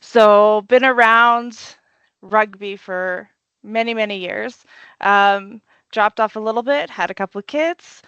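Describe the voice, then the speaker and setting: A middle-aged woman, a rugby club organizer and youth coach, telling her story in a relaxed, rambling way with plenty of ums. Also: mid-range voice, smooth, no room sound, lo-fi sound. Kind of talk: casual interview answers.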